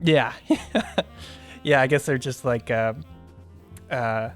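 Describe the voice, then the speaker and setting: A man's voice: medium pitch, slow pace, faint music behind. A man co-hosting a casual movie review podcast. He laughs often and rambles, circling back with plenty of fillers. The talk stays easygoing and conversational. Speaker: podcast co-host.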